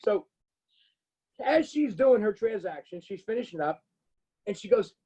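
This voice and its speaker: A man with a New Jersey accent telling a story in casual chat, profane and animated, acting out the people he quotes. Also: high-pitched, measured pace, breathy edge, highs cut off. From Bloomfield, New Jersey. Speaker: podcast guest.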